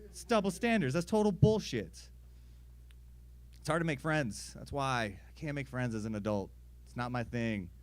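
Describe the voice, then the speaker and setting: A young man doing stand-up in a mid-pitched voice, crude and deadpan in how he tells his stories. He slips into acted-out voices for the people in them, then drops straight back to his own flat delivery. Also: normal speed. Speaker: stand-up comedian. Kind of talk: stand-up comedy set.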